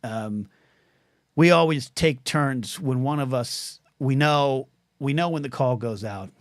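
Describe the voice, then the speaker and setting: A middle-aged man hosts his own solo podcast livestream in a medium-pitched voice at a slow pace, recorded in clean studio quality with no echo. He rambles through stories and viewer comments, repeating and stumbling over words, and gets choked up when thanking viewers.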